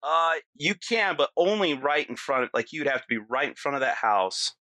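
Guy telling a wild story casually, acts out the quotes, bright voice, keeps saying you know. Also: on the high side, big pitch swings, moderate pace, no room sound.

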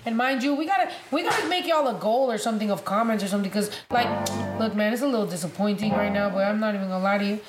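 A woman's voice: mid-range voice, racing, hardly any pauses, music in the background. A young woman co-hosting a casual chat, telling loose, profane stories with many restarts. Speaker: podcast co-host. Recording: echoey room.

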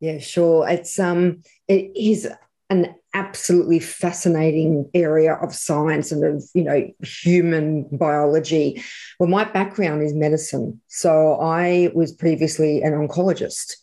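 Lady psychologist on a podcast, low mellow voice, talks slow and thoughtful. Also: steady tone. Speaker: interview guest, psychologist. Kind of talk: interview answers.

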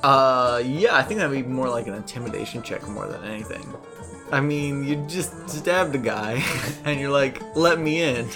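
A man narrates a tabletop adventure as game master, easygoing and quick to laugh. His voice sits in a middle range. Faint guitar music plays underneath. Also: medium pitch, lively intonation. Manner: chatty, laughs often, easygoing.

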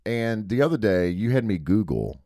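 A man's voice: on the low side, very animated, normal speed, warm tone, no room sound. A middle-aged man co-hosting a podcast in a studio, teasing his wife with a wry, dramatic delivery. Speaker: podcast co-host. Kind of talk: casual chat.

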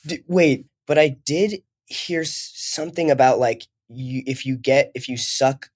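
A man's voice: medium pitch, unhurried. Young male co-host, casual, rambling delivery. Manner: chatty, trails off and restarts, reads out news. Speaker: podcast co-host. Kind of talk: casual chat.

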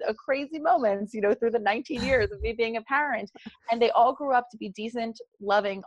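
A woman's voice: mid-range voice, dry recording, highs cut off. A woman in her forties with a South Jersey accent, a meditation guide talking earnestly in a podcast interview. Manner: earnest and animated, talks through examples.

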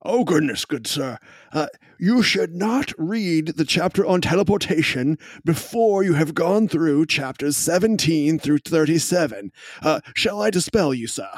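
A man's voice: fairly high pitch, animated, a little slow, hardly any pauses, no room sound, pitched above the performer's own voice. A man playing a stuffy, pompous townsman in a tabletop game, speaking in a raised, fussy voice. He lectures and scolds in formal, old-fashioned words. The recording is dry and close. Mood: indignant.

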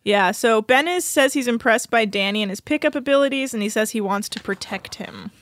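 A woman's voice: on the high side, brisk. A woman co-hosting a podcast, chatting casually as she recaps episodes and laughs along. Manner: chatty, laughs often, quotes people in passing. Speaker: podcast co-host.

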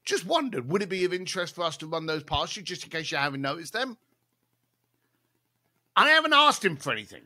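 Speaking a little fast with frequent pauses, this man's voice is on the high side. As a podcast interview guest, he livens things up with a salty anecdote, peppered with laughs and side remarks.

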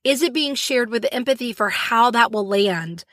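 A woman hosting a solo podcast, talking in an animated way with frequent laughs and acted-out little scenes. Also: on the high side, normal speed, dry recording, clean studio sound. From Florida, US. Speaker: podcast host.

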